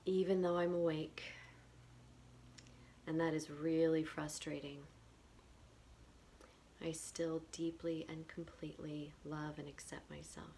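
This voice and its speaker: A woman guiding a tapping session in a whispered role-play, speaking slow phrases for the listener to repeat. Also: sits low, flat delivery, dark tone, a little hiss or hum. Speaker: EFT tapping guide.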